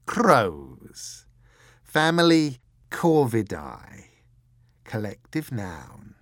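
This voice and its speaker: A man voicing a fastidious, menacing male villain who erupts in slow, loud theatrical bursts. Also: medium pitch, wildly swooping pitch, no room sound, clean studio sound, full character voice. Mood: relishing.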